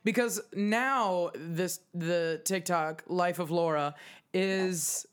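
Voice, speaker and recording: A woman's voice: fairly low pitch, takes it slowly, clear, resonant tone. A woman co-hosting a podcast, asking teasing, playful questions and laughing along. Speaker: podcast co-host. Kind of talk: casual chat.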